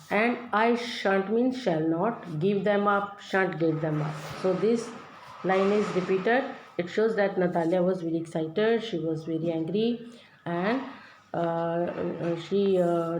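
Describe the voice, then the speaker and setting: A teacher with a warm, lowish voice works through a play line by line, reading each one aloud and then restating it in plain words. The room is echoey, with faint background noise.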